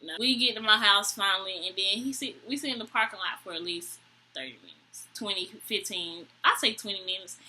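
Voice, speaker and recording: Husky, bright young woman telling a storytime. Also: brisk, rough recording. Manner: animated, exasperated, quotes people with high voices. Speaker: vlogger. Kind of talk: storytime vlog, casual chat to camera.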